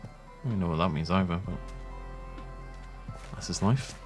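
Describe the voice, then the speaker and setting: A man's voice: low voice, normal speed, soft background music. A young man rambling and joking as he plays, self-mocking and chatty. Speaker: gaming YouTuber. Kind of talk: rambling gameplay commentary.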